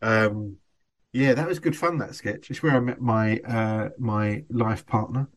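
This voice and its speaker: A man's voice: fairly low pitch, a little slow. A man, a guest actor, chatting casually on a podcast in a self-deprecating way, often laughing and trailing off.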